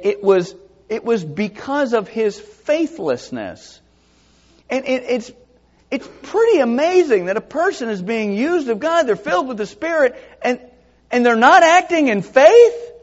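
A man's voice: high-pitched, lo-fi sound. A man preaching a sermon, teaching verse by verse, reading scripture aloud and asking rhetorical questions. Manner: expository Bible teaching, reading scripture aloud in King James wording; asks rhetorical questions, lively and animated.

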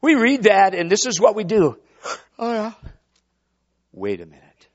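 A man's voice: high-pitched, huge pitch swings, fairly quick, highs cut off. A man preaching a sermon, dramatic and rhetorical, calling out to the congregation. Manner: dramatic, swooping, rhetorical, call-and-response.

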